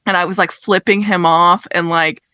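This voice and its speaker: Bright-voiced young woman ranting animatedly. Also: on the low side, moderate pace, clear, resonant tone, no echo. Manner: animated, swears, rants with exasperated emphasis. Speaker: podcast co-host. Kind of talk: casual chat, storytelling.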